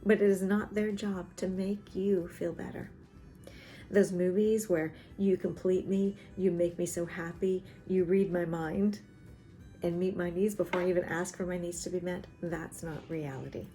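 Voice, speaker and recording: Low, warm-voiced woman therapist teaching. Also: steady tone, normal speed, faint music behind. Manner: gentle and explanatory, acts out little dialogues. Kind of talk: teaching talk to camera. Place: in South Carolina.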